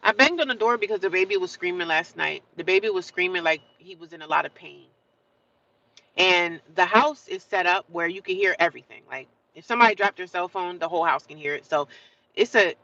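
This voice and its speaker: A woman talks into her phone on a casual livestream, her voice bright and forward. She chats loosely with her viewers, greets them by name and repeats phrases as she works through her thoughts. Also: fairly low pitch, no echo, highs cut off. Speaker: livestream host.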